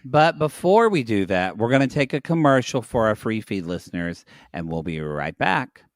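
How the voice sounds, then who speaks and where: A man's voice: lowish voice, very animated, normal speed, no room sound. A man co-hosting a podcast, recapping with wry, teasing asides. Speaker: podcast co-host. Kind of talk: casual chat.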